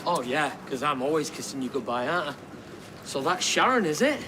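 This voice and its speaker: A cheeky joker. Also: male voice, on the high side, sing-song, brisk, noisy background. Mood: mocking. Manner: cheeky, mocking banter. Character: cocky joking mate. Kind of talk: TV soap acting.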